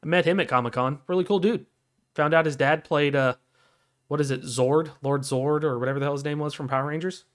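A man's voice: fairly high pitch, fairly even intonation, brisk. A man co-hosting a casual podcast, talking in a rambling way full of fillers and restarts. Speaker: podcast co-host. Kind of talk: casual chat.

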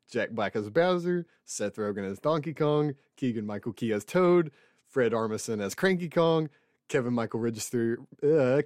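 A man in his middle range of pitch hosts a podcast, chatting casually and reading news with a wry edge. The sound is close and dry, with no room behind him. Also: darkish tone, dry recording. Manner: wry, chatty, reads news items aloud. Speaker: podcast co-host. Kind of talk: casual chat.

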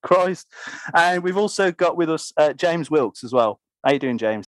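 A man's voice: a little high, animated, normal speed, dry recording. A man with a Birmingham accent hosting a casual podcast chat, talking loosely with lots of fillers and frequent laughs, recorded over a remote call. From Birmingham, England. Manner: chatty, laughs often, filler-heavy. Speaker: podcast host.

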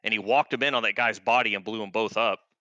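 Veteran male guest, 30s, crisp dry close-mic sound, casual profane storyteller. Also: fairly low pitch, fast talker, bright, forceful tone, dry recording, highs cut off. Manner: laid-back, profane, rambling with many fillers.

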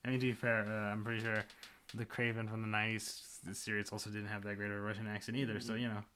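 A man's voice: fairly low pitch, level tone, fast, bright, forceful tone, slight background noise. A man co-hosting a casual podcast, agreeable and hesitant, with many fillers. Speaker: podcast co-host. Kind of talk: casual chat.

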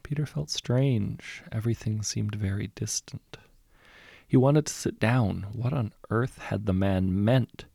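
A man reading a short story aloud as narrator, in a measured, understated storytelling manner. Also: on the low side, gravelly, no echo, studio quality. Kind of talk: scripted audiobook narration.

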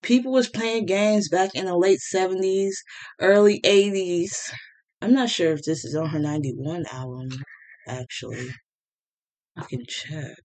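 A woman's voice: on the low side, unhurried, darkish tone. A woman talking straight into the mic as a solo podcast host, in an unscripted, casual monologue. Her delivery is blunt and heated, sprinkled with swearing and fillers like "um" and "like.".

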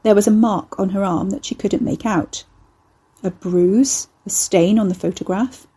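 A woman reading a horror novel aloud in a measured, intimate narration. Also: mid-range voice, fairly even intonation, mellow, breathy edge. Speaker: audiobook narrator.

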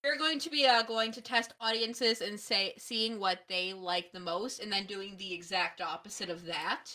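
Bright-voiced woman podcast co-host. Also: medium pitch, normal speed. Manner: playful, deadpan joking. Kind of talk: casual podcast chat.

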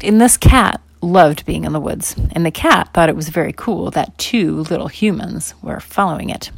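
Woman storyteller, lowish voice, animated bedtime-story telling with dips to a whisper, dry close sound. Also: gravelly, no room sound. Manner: animated, swings between loud emphasis and whispers.

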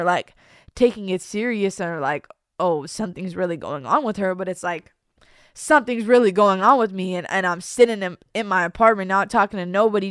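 Young female vlogger, confessional chat, subdued and hesitant delivery, clear smooth tone, dry close sound. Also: medium pitch, dry recording. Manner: halting, trails off, many restarts and fillers; soft and downcast, at times nearly whispering.

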